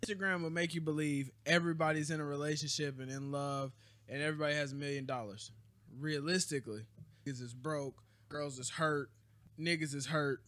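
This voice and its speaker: A man's voice: on the high side, fairly even intonation, fairly quick, fairly bright tone, dry recording. A man hosting a casual podcast chat, opinionated and teasing, full of slang. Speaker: podcast host.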